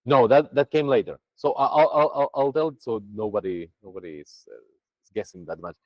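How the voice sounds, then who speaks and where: Lively male Buddhist teacher, dry sound. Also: mid-range voice, a little fast, no room sound, muffled recording. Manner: lively, chatty, with many restarts. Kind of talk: dharma teaching to a group.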